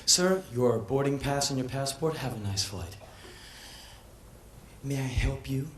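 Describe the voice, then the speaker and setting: A man voicing a weary, politely flat woman at an airline counter. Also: medium pitch, a little slow, echoey room, slight background noise, voice pushed down, natural voice. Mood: bored.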